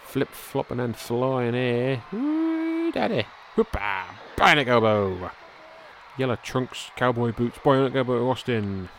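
A man hosting a podcast, giving casual, excitable play-by-play over old wrestling footage, with frequent exclamations and thinking aloud as he goes. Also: mid-range voice, unhurried, slight background noise. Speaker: podcast host.

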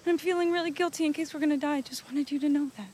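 A woman's voice: high voice, steady tone, very fast, darkish tone, slight background noise, close to an everyday voice. An actress playing a guilty wife who hesitantly confesses to her husband in film dialogue.

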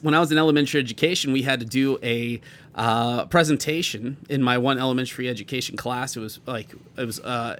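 A man's voice: mid-range voice, fairly bright tone. A man co-hosting a podcast, telling a story in casual chat, rambling with many fillers and restarts. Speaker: podcast co-host.

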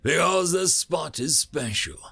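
A man's voice: fairly high pitch, animated, measured pace, vocal fry, a bit bright, breathy edge, faint music behind, pitched above the performer's own voice, exaggerated voice. A man voicing a vengeful male cyborg soldier who snarls his lines in a cold, menacing way.

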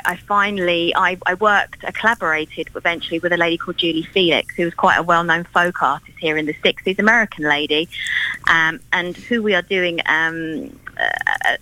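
Bright-voiced London woman, chatty folk singer. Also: on the low side, no echo, poor audio. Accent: London English. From Ireland, raised in East London. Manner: chatty and rambling, lots of ums and restarts. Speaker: folk singer-songwriter guest. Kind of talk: casual radio interview.

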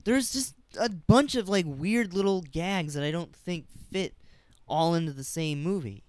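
A man's voice: sits high, unhurried, no room sound. A man co-hosting a casual movie review podcast, critical and wry, unimpressed by the film. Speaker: podcast co-host.

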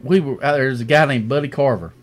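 A man's voice: medium pitch, fast. A middle-aged man co-hosting a podcast, telling stories in casual banter and laughing a lot. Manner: animated storyteller, acts out quotes, laughs a lot. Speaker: podcast co-host.

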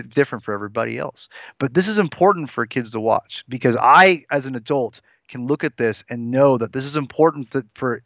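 A man's voice: medium pitch, a bit bright, no room sound. A forty-year-old man co-hosting a casual podcast, speaking earnestly and circling back on himself with restarts. The sound is dull and lo-fi, with a dry, close feel. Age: 40s. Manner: earnest, rambling with frequent restarts. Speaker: podcast co-host.

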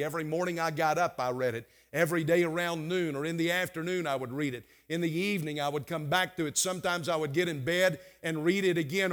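Middle-aged man, preaching a sermon, higher-pitched voice, hushed-to-loud swings. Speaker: pastor.

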